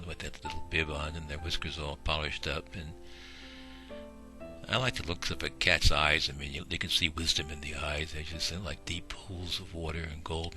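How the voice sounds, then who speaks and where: A man's voice: rumbling low, sharp tone. A man narrating a home video of a shelter in a folksy, rambling way, with many fillers. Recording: music playing behind.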